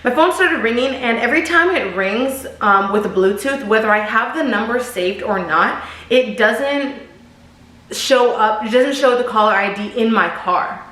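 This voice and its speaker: A woman's voice: a little high, moderate pace, a bit bright. A young woman vlogger telling a dating story in a casual, slangy way, talking straight to her viewers. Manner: chatty, slangy, addresses viewers as y'all. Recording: roomy echo.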